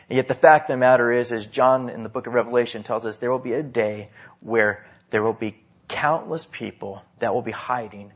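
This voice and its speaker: A man preaching a sermon, swinging between loud emphasis and hushed drops. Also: mid-range voice, husky, muffled recording. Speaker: pastor.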